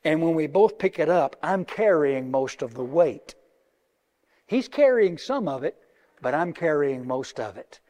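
A middle-aged man preaching a sermon, moving between hushed, slow words and loud, emphatic passages. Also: fairly high pitch, lively intonation. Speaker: pastor. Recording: long reverb of a large hall.

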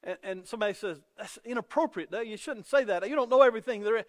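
High-voiced pastor preaching in a reverberant church. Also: male voice, quick pace. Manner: earnest, repeats words when starting sentences. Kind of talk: sermon. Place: church sanctuary. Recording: long reverb of a church hall.

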